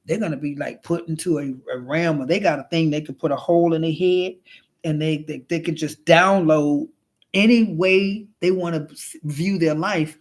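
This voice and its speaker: A flamboyant man retelling a film in a loose, chatty monologue, with a voice on the higher side for a man. He rambles, restarts and swears freely, and keeps calling his listener honey and child. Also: moderate pace. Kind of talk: casual storytelling monologue.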